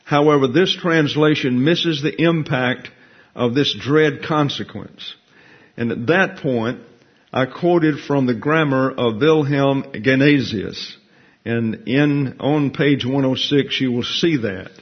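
A man's voice: mid-range voice, takes it slowly, slightly rough. A man teaching a Bible study, explaining Hebrew grammar in a careful, methodical way to his class. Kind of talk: verse-by-verse Bible study lecture. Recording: dull lo-fi recording.

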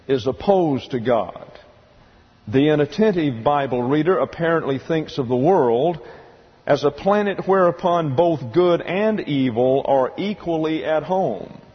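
A man teaching a Bible sermon, reading quotes aloud and spelling words out slowly. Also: fairly high pitch, slightly rough. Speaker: pastor. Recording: lo-fi hall recording with long reverb.

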